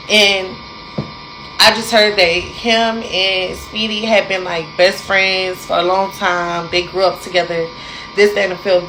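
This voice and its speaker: A young adult woman telling a personal story in a casual, animated way, speaking straight to her listeners. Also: mid-range voice, slight background noise, poor audio. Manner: animated, addresses listeners directly, dramatic pauses.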